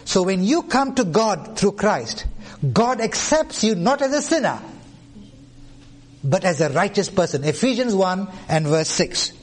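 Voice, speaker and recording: A man's voice: sits high, sing-song. A man preaching a sermon, citing scripture references and asking the congregation questions that he answers himself. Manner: reads out scripture references deliberately.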